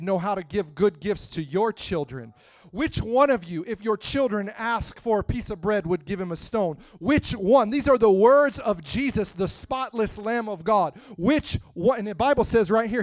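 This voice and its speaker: A man preaching a sermon, moving from quiet, close talk to loud, rising preaching and calling out to the congregation. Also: high-pitched, animated, unhurried, few pauses, dry recording. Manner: calls out to the congregation.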